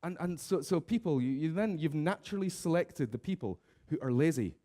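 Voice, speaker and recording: Lively man giving a comic keynote. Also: a little high, brisk. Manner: lively, mimics office characters in raised voices. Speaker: conference speaker. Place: conference stage.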